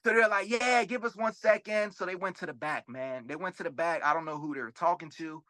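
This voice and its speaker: A young man from Florida tells his story as an interview guest. He is animated and profane, acts out the dialogue and keeps tossing in quick tag questions. His voice sits a little high and sounds bright and forceful, recorded close and dry. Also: dry recording. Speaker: rapper and sports bettor, guest.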